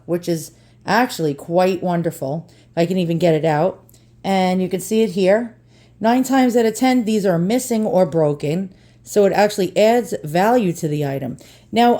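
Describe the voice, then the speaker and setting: A woman's voice: mid-range voice, mellow. A woman with a strong New York accent talks her viewers through an unboxing in a loose, chatty way. She is blunt and jokey, with the odd swear word tossed in. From New York, USA. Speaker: vlogger. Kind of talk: casual unboxing chat.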